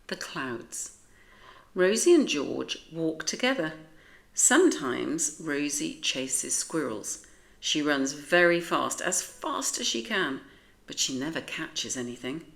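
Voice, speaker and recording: A woman with a British accent reading a children's picture book aloud in a gentle, expressive way. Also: low voice, gravelly.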